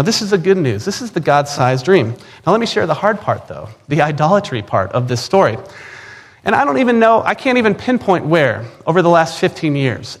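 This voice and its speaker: A man in his forties with an Upper Midwest American accent delivers a personal testimony sermon. His voice sits a little high for a man. He is earnest and emphatic, doubling up words when he drives a point home. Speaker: preacher.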